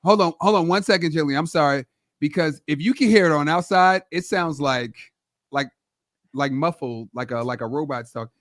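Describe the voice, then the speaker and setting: A co-host with a mid-pitched voice, recorded in a dry, close setting, fusses over a glitching stream. The speech comes in quick, apologetic bursts of interjections. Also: fairly bright tone, no room sound. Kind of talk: casual livestream interview.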